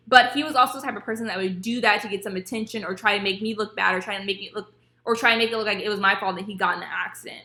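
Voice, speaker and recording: A young woman vlogger telling a personal story in casual, animated storytime style, acting out what others said. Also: medium pitch, racing. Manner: animated, acts out quotes of others. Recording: echoey room.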